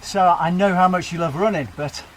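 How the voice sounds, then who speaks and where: A man's voice: sits high, normal speed, a little hiss or hum, lightly acted. A man voicing an over-eager male news anchor with a mock-serious broadcast delivery, recorded in a home training room. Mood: probing. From Britain.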